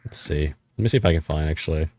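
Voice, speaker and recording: A man's voice: extremely low pitch, racing, a little mellow. A man from East Tennessee pressing questions in a teasing, argumentative casual debate. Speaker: panel guest.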